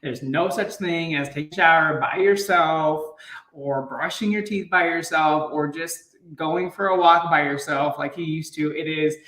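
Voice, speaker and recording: Chatty dad, roomy and off-mic. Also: male voice, on the high side, a little slow, pushed and bright, far from the mic. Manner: rambling, laughs often. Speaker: fitness coach and dad. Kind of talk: casual live chat to viewers.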